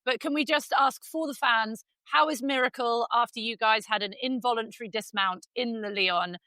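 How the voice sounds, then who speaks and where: A woman running a casual podcast, quick to tease and joke with her co-hosts. Her voice is bright and a little high, heard close and dry. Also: no room sound. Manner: teasing, lively, swears casually. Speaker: podcast host. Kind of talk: casual chat.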